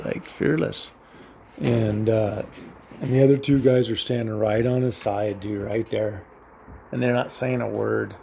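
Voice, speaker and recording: A man's voice: medium pitch, creaky, darkish tone, a little hiss or hum. A middle-aged man casually telling a rambling personal story, swearing often and restarting his sentences.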